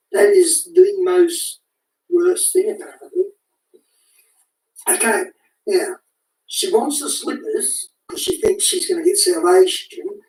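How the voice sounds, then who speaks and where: A woman giving an animated, casual spoken commentary, often restarting and repeating words as she talks. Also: high voice, creaky, slight background noise. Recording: echoey room, far from the mic.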